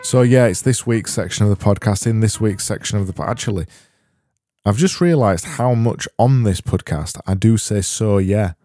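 A man hosting a solo comedy podcast, rambling in a deadpan, self-deprecating way with frequent restarts. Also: fairly low pitch, moderate pace, soft background music. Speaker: podcast host.

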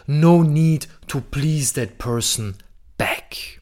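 A man's voice: a little high, takes it slowly, a little mellow. A man hosting a podcast, talking bluntly and emphatically about masculinity, swearing freely. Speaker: podcast host. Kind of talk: monologue on masculinity and relationships.

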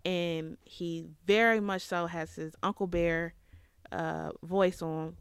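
A woman in her thirties tells a personal story as a podcast host. Her voice sits a little low, and the recording is dry and close. She talks in a reflective way, with fillers and pauses. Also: clean tone, dry recording. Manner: reflective, tearful at times, with fillers.

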